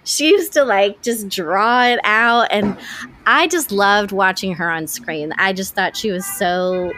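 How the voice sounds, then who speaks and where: A woman's voice: medium pitch, measured pace, sharp tone, a little hiss or hum. A woman co-hosting a podcast, talking in a casual, eager way with lots of restarts and fillers. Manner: enthusiastic, rambling with restarts and fillers. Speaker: podcast co-host. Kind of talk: casual chat.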